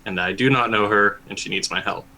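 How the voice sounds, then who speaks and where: Male player, bright and sharp tone, lowish voice, hesitant. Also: brisk, rough recording. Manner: hesitant, thinking aloud. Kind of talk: tabletop game play.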